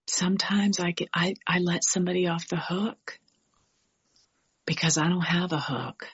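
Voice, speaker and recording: A middle-aged woman from New York giving a candid, animated personal share at a recovery meeting, with frank asides. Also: on the low side, moderate pace, slightly rough, muffled recording.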